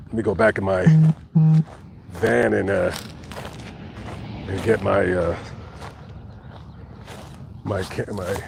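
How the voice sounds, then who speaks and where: A man's voice: sits low, fairly even intonation, gravelly, noisy background. Rambling man live-streaming from a cemetery. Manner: rambling, halting, with many restarts and fillers. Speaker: vlogger reading live chat. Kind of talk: casual live-stream chat. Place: outdoors in a cemetery.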